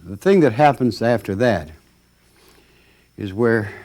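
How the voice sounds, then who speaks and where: A man's voice: lowish voice, takes it slowly. A man giving a storytelling talk, acting out the voices of the people in it, with plenty of ums and uhs. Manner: animated, acts out voices, many fillers. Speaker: lecturer.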